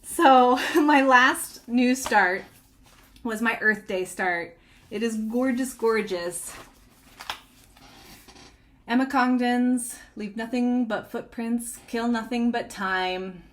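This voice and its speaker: A woman's voice: fairly high pitch, slow, fairly bright tone. A woman chatting casually about her cross-stitch projects, bubbly and giggly, rambling with restarts. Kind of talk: casual chatty show-and-tell.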